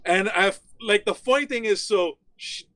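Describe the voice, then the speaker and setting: A fairly high-voiced man from Miami tells a wild story as a guest on a casual chat. He is animated and swears freely, and he fills his sentences with "like." The sound is dry and close. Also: moderate pace, no room sound. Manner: animated, profane, frequent "like" fillers.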